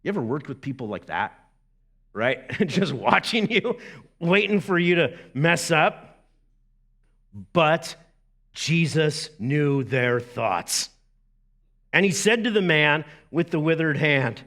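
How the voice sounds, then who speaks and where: A middle-aged man, a lead pastor preaching a sermon in a lively, conversational way with asides to the congregation. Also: on the high side, slow pace, pauses often.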